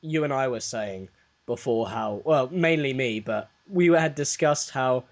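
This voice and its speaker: Chatty Australian podcast host. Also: male voice, mid-range voice, expressive, measured pace. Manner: chatty, laughs easily. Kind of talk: casual chat.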